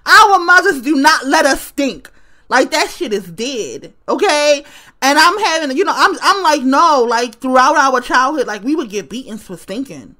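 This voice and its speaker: A woman vents straight to camera in a casual vlog, her voice pitched high and ringing bright. She is blunt and profane, repeats her points for emphasis, and breaks into laughter often. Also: expressive, normal speed. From West Baltimore, US. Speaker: vlogger.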